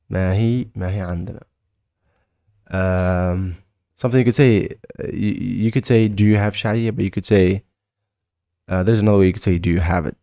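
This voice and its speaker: A man with a Mauritanian accent gives a relaxed language lesson, saying each word over and over at an easy pace. His voice sits very low with a gravelly edge. The recording is close and dry. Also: no room sound. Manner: repeats words slowly, loose and chatty. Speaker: language teacher.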